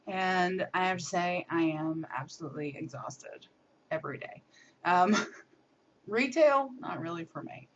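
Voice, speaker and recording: A woman's voice: on the low side, a little hiss or hum. A young American woman giving a casual video diary update, talking in a chatty, upbeat way with frequent ums and little laughs. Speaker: vlogger. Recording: muffled lo-fi camera audio.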